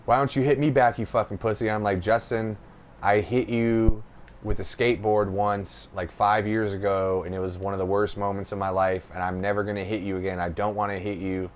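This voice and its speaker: A man's voice: fairly low pitch, flat delivery, normal speed. A young man hosting a podcast, telling a rambling, profane story in casual chat with lots of fillers. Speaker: podcast host.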